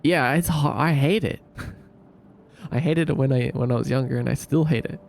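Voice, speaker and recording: With a gravelly, medium-pitched voice at normal speed, an Australian man in an Australian accent hangs out on a livestream reading viewer comments. He's relaxed, laughs often, and repeats words aloud; there's slight background noise.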